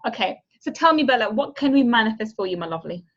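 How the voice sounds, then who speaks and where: A woman with a husky, slightly rough voice leads a group over a video call, affectionate and coaxing with her participants. The audio is dull and muffled, as from a laptop mic. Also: fairly high pitch, lively intonation, fast. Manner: affectionate, calls people honey and darling. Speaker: manifestation coach and group host. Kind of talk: guided visualization and group video-call chat.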